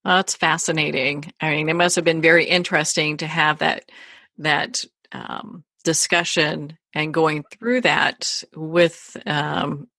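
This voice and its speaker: A woman's voice: low voice, little pitch movement, unhurried, gravelly, pushed and bright, no echo, clean studio sound. A woman hosting an interview, responding to her guest in a hesitant way with fillers. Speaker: host. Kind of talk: interview reaction.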